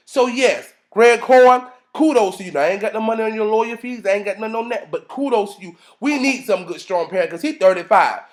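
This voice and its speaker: A man in his thirties ranting casually as a vlogger, sassy and profane, acting out quotes in a high voice. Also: brisk, hardly any pauses. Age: 30s.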